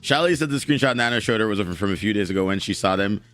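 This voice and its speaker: A man's voice: lowish voice, expressive, fast talker, fairly bright tone, no echo, soft background music. A man live-streaming, commenting bluntly and heatedly, with plenty of swearing as he reacts and reads aloud. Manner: blunt, profane, heated ranting.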